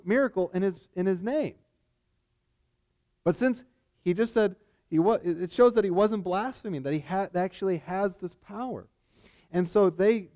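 A man with a darkish voice that sits high preaches a sermon in a casual, conversational way. He often checks in with listeners through frequent "right?" asides.

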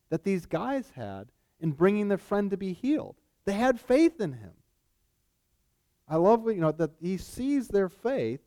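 A man's voice: sits high, mellow. A man preaching a sermon in a casual, conversational way, often checking in with his listeners. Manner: conversational, frequent "right?" asides.

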